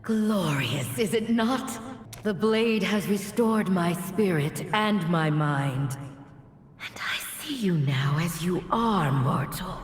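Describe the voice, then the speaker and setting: An actress voicing a solemn, ancient female angel in a game, speaking in a grave and formal way. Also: mid-range voice. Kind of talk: game cutscene voice acting. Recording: reverberant hall with faint music.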